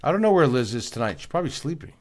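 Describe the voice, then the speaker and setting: A man's voice: medium pitch, very animated, very fast, darkish tone. Male livestream host, worn out, keeps repeating his points, reads out viewer names, mid-range voice. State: tired, yawning. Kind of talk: casual livestream chat reading viewer comments.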